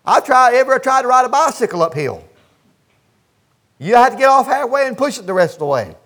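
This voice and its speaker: Older male pastor, unusually high voice, folksy emphatic sermon delivery with call-and-response. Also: very animated, a little fast, a bit bright. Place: church sanctuary.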